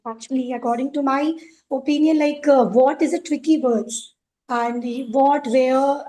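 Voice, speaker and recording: A woman's voice: sits high, dark tone, poor audio. A woman teacher, asking a hesitant question on a video call, full of fillers and polite "ma'am". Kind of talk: question in an online teacher training.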